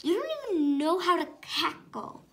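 A woman's voice: very high voice, big pitch swings, normal speed, pitched above the performer's own voice, full character voice. A woman voicing a boastful, cackling witch sister who taunts. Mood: taunting.

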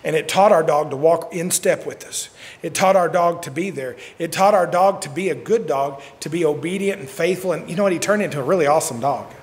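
A man preaching a sermon, telling stories and swinging from shouts to quiet asides. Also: fairly high pitch, brisk. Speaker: pastor. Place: church sanctuary. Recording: long church hall reverb.

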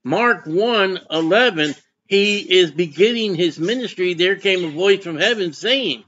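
A man's voice: high voice, animated, a little slow, fairly bright tone, muffled recording. A man preaching a sermon as pastor, folksy and conversational, often putting questions to his congregation.

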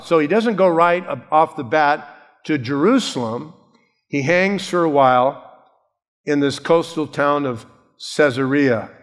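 A male pastor preaches a sermon in a conversational, animated manner. He jumps into quoted voices to act them out. His voice sits a little high and carries a long reverb from the church sanctuary.

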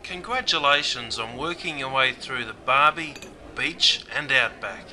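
A man's voice: mid-range voice, unhurried, sharp tone, rough recording. A man with an Australian accent guiding learners through a language course in scripted narration, slangy and matey. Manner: slangy, matey, keeps saying mate. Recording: music bed under the voice. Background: music.

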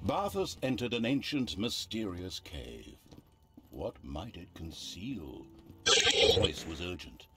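Dry witty fantasy narrator, swings his pitch all over, takes his time, faint game music underneath. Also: big pitch swings, takes it slowly, very noisy, full character voice. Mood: wry. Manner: sardonic, theatrical. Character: wry male storybook narrator of a dark fantasy game.

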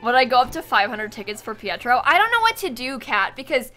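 Bright, lively young woman streamer. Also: a little high, brisk, soft background music. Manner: chatty, giggly, thanks viewers, apologetic. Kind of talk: casual live-stream chat while gaming.

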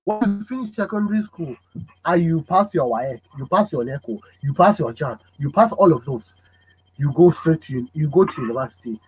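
A man hosting a casual podcast chat, animated and fond of acting out parents' voices. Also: fairly high pitch, normal speed, husky, faint music behind, poor audio. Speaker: podcast host.

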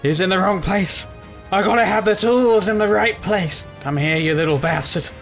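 Excitable man narrating a game. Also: high-pitched, normal speed, creaky, soft background music. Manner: rambling, excitable, yells at the game. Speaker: gaming channel host. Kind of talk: let's play commentary.

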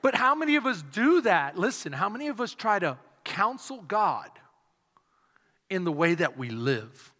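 A male pastor preaching a sermon with animated delivery, repeated refrains and call-and-response. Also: high voice, moderate pace. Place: church sanctuary. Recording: long hall reverb.

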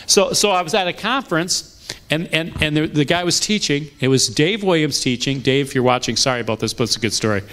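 A middle-aged man pastor telling stories in a sermon, conversational and lively, often restarting his sentences. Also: fairly high pitch, fairly quick. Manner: animated, conversational, with frequent restarts. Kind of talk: storytelling sermon. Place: church sanctuary.

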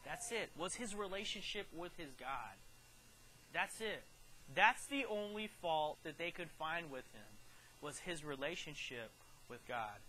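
A man preaching a sermon, retelling a scripture story with lively storytelling and acted-out quotes that swing from quiet to loud. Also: fairly high pitch, measured pace, slight background noise, low-quality recording. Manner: animated storytelling, acting out quotes with big swings in loudness.

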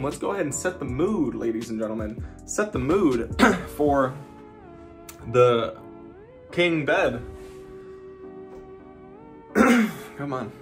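A man at an ordinary, middle pitch tours a hotel suite for his vlog, rambling casually. He drops sarcastic jokes and deadpan asides, while soft music plays faintly underneath. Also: takes it slowly, pauses often. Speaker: vlogger. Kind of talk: casual vlog room tour.

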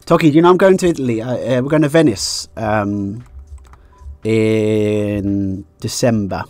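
A man's voice: fairly low pitch, unhurried, a little mellow, no echo. A man commentating a live poker stream, thinking aloud about hands and chatting with his viewers in a joking way.

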